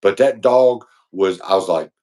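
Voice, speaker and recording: A man's voice: deep voice, unhurried, a little mellow. A man co-hosting a podcast, telling a long, rambling, slangy story in casual chat. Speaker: podcast co-host.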